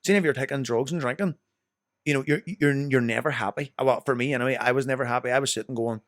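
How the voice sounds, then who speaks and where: A man's voice: medium pitch, fast talker, no echo, clean studio sound. A young Northern Irish man telling rambling, sweary stories as a podcast guest. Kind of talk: casual chat.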